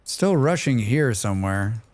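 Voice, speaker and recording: A man's voice: medium pitch, animated, measured pace, darkish tone, no room sound. A man streaming a survival game live, chatting casually, reading chat aloud and humming to himself as he plays. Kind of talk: casual gaming livestream chat.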